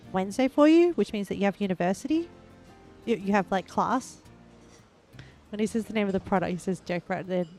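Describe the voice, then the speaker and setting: A woman's voice: mid-range voice, a little mellow. A woman chatting casually and giggling often while she streams a video game and talks to her chat. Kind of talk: casual livestream commentary.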